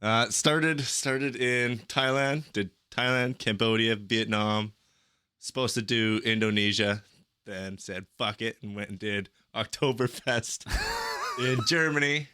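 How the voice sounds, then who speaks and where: A man's voice: mid-range voice, steady tone, measured pace, bright, forceful tone, clean tone, no echo, clean studio sound. A young man telling travel stories on a podcast in a rambling, profane, casual way. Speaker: podcast guest.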